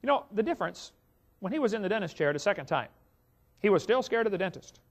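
A man's voice: sits high, big pitch swings, fast. A male evangelist preaching to an audience, telling a folksy story and speaking to the listeners directly. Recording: dull lo-fi recording.

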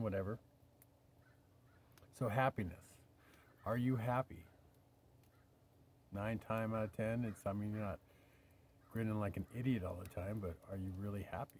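A man's voice: fairly low pitch, darkish tone, a little hiss or hum. Older man rambling in a vlog. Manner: rambling, drops to a whisper at times. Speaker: vlogger. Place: camping by his vehicle outdoors.

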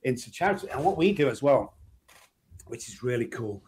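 Lively Mancunian man telling stories. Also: mid-range voice, brisk, breathy edge. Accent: Manchester English. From England. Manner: animated storyteller, acts out quoted voices. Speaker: guest. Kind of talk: casual interview chat.

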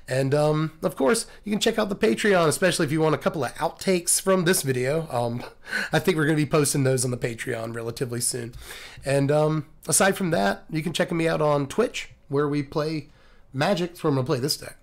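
A man signs off his video, his voice scratchy and hoarse from laryngitis. It sits a little high, with heavy gravel under every word. He rambles and cracks jokes in a casual way. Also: brisk. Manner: joking, rambling. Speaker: host.

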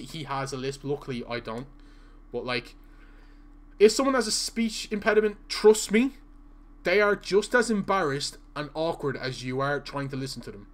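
A man streaming a football video game live, chatting casually with his viewers. He has a stutter and talks in a halting, filler-heavy way, repeating words. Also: mid-range voice, fairly bright tone. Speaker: gaming streamer. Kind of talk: casual live-stream chat while playing.

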